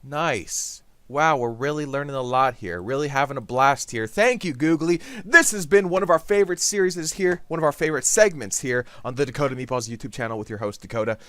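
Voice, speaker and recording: Goofy, animated gaming host, man. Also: medium pitch, brisk, few pauses, dry recording. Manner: goofy, jokey, sudden bursts of silly voices. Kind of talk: rambling comedic gameplay commentary.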